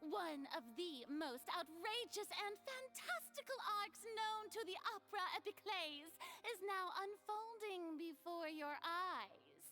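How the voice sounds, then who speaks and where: A showy young goddess from a fantasy game, her very high voice swooping through wide, lively turns. She declaims every line as if from a grand stage, proud and theatrical, with faint music underneath. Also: unhurried, hardly any pauses, full character voice. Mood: grandiose. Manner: dramatic, declamatory stage delivery. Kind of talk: game cutscene voice acting.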